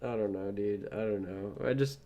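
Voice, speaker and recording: A man's voice: lowish voice, normal speed, dull audio, over a noisy crowd. Young man telling a rambling story. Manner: rambling, swears often, laughs at himself. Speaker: podcast co-host. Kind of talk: casual chat, storytelling.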